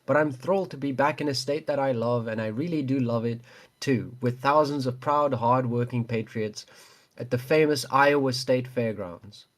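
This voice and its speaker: A man's voice: medium pitch, moderate pace, natural voice. A man reading out a rambling rally speech as a boastful male politician.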